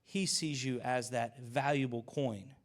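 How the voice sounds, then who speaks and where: A male pastor giving a conversational sermon, telling relaxed stories full of fillers and asides. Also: medium pitch, a little slow.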